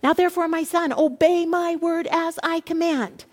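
A woman's voice: extremely high pitch, steady tone, moderate pace, pitched above the performer's own voice. A woman voicing a determined, scheming mother who gives firm commands, in an echoey hall. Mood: urgent.

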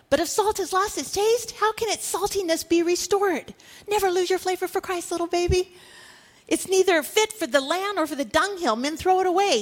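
A woman in her fifties delivers a sermon in a notably high voice. She preaches with animation, rising to loud exhortations and dropping to low, hushed asides. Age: 50s.

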